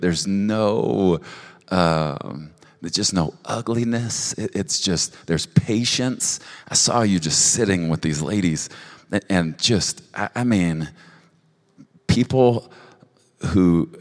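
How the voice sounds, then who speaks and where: Deep male minister, halting prophetic delivery, long hall reverb. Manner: halting, with restarts and soft asides. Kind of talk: prophetic ministry at a church service.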